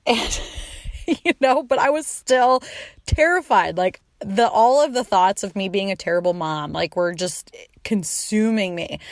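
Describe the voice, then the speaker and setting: A woman's voice: on the high side, no room sound, clean studio sound. A woman in her thirties hosting a podcast, telling a personal story in a casual, chatty way, full of "like" fillers and swearing, and acting out her own quoted lines. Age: 30s. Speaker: podcast host.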